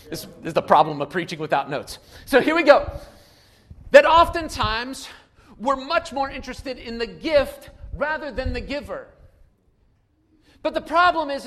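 A man preaching a sermon without notes, moving between quiet asides and loud emphatic calls. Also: high-pitched, slight background noise. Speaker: pastor.

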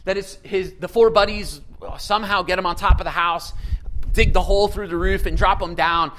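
A man with a high-pitched voice delivers a sermon with lively energy. He keeps asking his listeners questions and reads scripture aloud with dramatic emphasis. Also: normal speed, slight background noise, poor audio. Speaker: pastor.

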